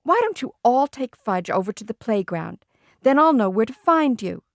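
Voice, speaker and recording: A woman's voice: a little high, big pitch swings, normal speed, dry recording, pitched above the performer's own voice. Storybook part: a fussing, anxious mom, read by a woman, a bit raised, dry sound. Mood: fretting. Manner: anxious and fretting. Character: flustered, fussing mother of two boys.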